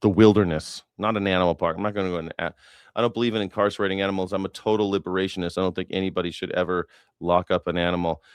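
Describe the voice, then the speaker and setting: A man's voice: low-pitched, steady tone, rapid-fire, clear, resonant tone, no room sound, studio quality. A man hosting a news reaction live stream, rambling in a profane, sarcastic way.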